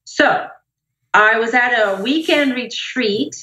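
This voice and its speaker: A woman's voice: on the high side, slow pace, pushed and bright, roomy sound, low-quality recording. A middle-aged woman, a motivational speaker, telling an upbeat personal story in a casual interview.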